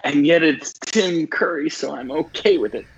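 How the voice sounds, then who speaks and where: A man's voice: on the high side, normal speed, husky, highs cut off. A man joining a casual movie podcast, easygoing and wry in his opinions. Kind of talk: casual movie-review chat.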